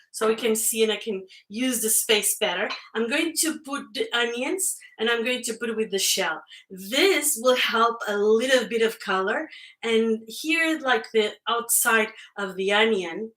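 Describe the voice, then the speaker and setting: Slow, bright-voiced woman cooking live. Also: a little high, low-quality recording. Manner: chatty, thanks viewers, frequent laughs. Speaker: cooking livestream host. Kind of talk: casual live cooking stream. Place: home kitchen.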